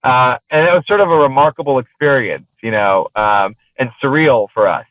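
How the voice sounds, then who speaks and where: A man's voice: medium pitch, moderate pace, no room sound. Man telling stories over a tinny phone line. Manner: rambling, heavy on fillers and restarts. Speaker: interview guest, exotic car rental business owner. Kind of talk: casual anecdotal storytelling.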